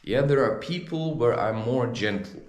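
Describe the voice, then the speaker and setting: A man in a ranting vlog monologue, heated and animated, with his pitch swinging widely. The room around him rings with a noticeable echo. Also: normal speed. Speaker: spiritual advice vlogger.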